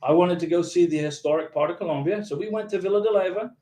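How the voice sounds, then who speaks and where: A man's voice: sits high, quick pace, mellow. Chatty man hosting a visa livestream. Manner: chatty, emphatic and encouraging, reads viewer comments aloud. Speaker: YouTube channel host answering viewer questions. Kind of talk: casual livestream chat. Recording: echoey room.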